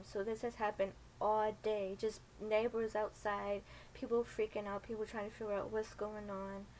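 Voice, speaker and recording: A woman's voice: medium pitch, a little hiss or hum, rough recording. A young woman in her twenties telling a story casually, rambling with lots of fillers and acting out the people in it. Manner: rambling, many fillers, acts out voices. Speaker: storytime vlogger.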